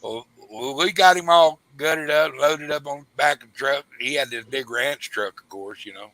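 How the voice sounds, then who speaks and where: A man spins a rambling hunting tale, stumbling over restarts as he goes. His voice is bright and forward, recorded dry and close. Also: fairly high pitch, normal speed, dry recording, low-quality recording. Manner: rambling storyteller with frequent restarts, acts out quoted voices. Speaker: host. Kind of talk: casual hunting story chat.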